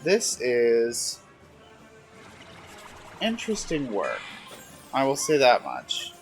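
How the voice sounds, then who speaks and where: A man's voice: medium pitch, wildly swooping pitch, takes it slowly, faint music behind. A man streaming a game from his room, talking to the screen in a sassy, teasing way. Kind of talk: casual gameplay commentary.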